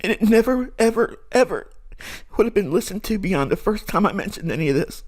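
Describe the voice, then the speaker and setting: A man's voice: high-pitched, lively intonation, brisk, a little mellow. A middle-aged man speaking as a trading mentor, giving an earnest, preachy, emphatic monologue to his viewers.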